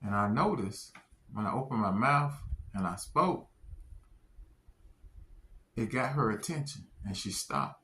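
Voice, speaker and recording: Brief: earnest man sharing a faith testimony, unhurried pace, leans on key phrases. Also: on the low side, lively intonation, pushed and bright. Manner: slow, deliberate, earnest, stresses key phrases. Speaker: testimony speaker. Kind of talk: religious testimony.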